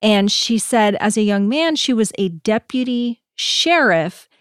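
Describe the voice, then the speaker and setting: A woman's voice: on the high side, expressive, measured pace, clear, resonant tone, dry recording, studio quality. A woman hosting a podcast, casually recounting stories with many fillers. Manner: storytelling, laid-back with fillers. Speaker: podcast host.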